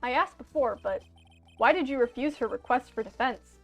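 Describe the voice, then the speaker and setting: An earnest young defense lawyer from a video game, played by a woman in amateur voice acting. He asks his questions plainly and sincerely, in a fairly high voice over faint music. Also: normal speed.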